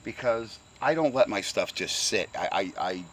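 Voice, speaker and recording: A man's voice: lowish voice, expressive, normal speed, background noise. An older retired man from the Pocono Mountains with a slight Pennsylvania Dutch accent, rambling bluntly and profanely in a casual workshop vlog, worn out from the heat. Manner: gruff, blunt, profane, repeats words. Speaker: retired truck restorer. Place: home workshop.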